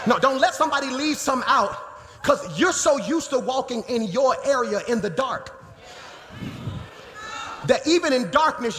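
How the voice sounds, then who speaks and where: High-voiced preaching man in a reverberant sanctuary. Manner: preaching, swings from quiet teaching to shouting. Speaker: pastor. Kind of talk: sermon. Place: church sanctuary. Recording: live church hall reverb, faint noise.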